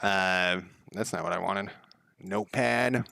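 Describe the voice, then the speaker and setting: A man's voice: sits low, takes it slowly, gravelly, bright, forceful tone, no echo. A man live-streaming while he codes a game, chatting casually in a rambling, profane way and counting under his breath. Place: home room.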